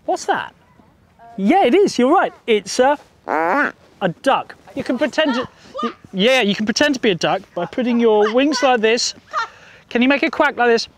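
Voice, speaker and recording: A man telling stories to a group of children in a park, in a lively sing-song way, coaxing them to join in. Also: very high voice, moderate pace, pauses often, slight background noise. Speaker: children's storyteller. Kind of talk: storytelling to children outdoors. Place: outdoors in a park.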